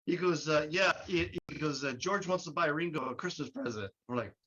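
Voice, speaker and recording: Bright-voiced man telling a story. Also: on the high side, brisk. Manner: animated, laughing, acts out quotes. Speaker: guest. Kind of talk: casual storytelling. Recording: muffled with faint noise.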